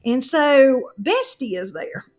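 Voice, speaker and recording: A woman, telling a comic story on a podcast in a casual, animated way and laughing as she goes. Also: high-pitched, slow. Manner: animated, laughs through her own story. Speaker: podcast co-host.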